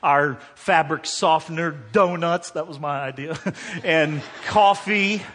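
A man preaching in a church, his voice bright and ringing. The sound carries a long reverb from the hall. He tells his story in a storyteller's way, dropping to a hush and then building to emphatic peaks. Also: a little high, slow pace, slight background noise. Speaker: pastor. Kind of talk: sermon.

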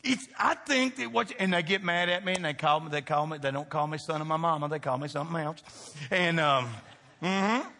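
A man's voice: on the high side, a little fast, sharp tone, big-room sound. A man pastor preaching a sermon, emphatic and folksy, throwing call-and-response questions to the congregation. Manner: folksy, joking asides to the congregation.

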